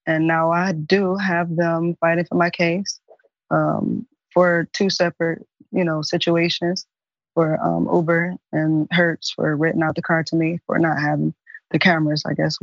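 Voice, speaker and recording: A woman answering interview questions in a halting way, with frequent ums. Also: fairly low pitch, dry recording, highs cut off. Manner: flat, halting delivery with many ums. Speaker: interview guest.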